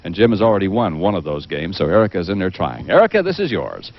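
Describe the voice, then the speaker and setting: A man hosting a game show, bantering and teasing the contestants in a brisk way. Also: deep voice, big pitch swings, creaky. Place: TV studio with live audience. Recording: dull old TV tape, studio audience. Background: studio audience.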